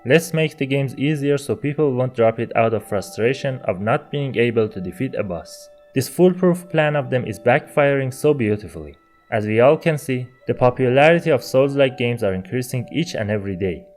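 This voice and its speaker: A man hosts a gaming video essay in a scripted voice-over with a mid-pitched voice. His delivery is wry, with dry sarcastic asides. Faint background music plays under the narration. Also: animated, normal speed, darkish tone.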